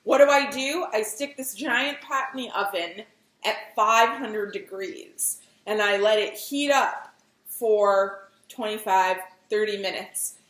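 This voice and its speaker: A woman's voice: mid-range voice, slow pace, fairly bright tone, roomy sound, poor audio. A woman showing a bread recipe in her home kitchen, chatty and giggly as she talks through each step. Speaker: home baker demonstrating a recipe. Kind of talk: casual cooking demonstration.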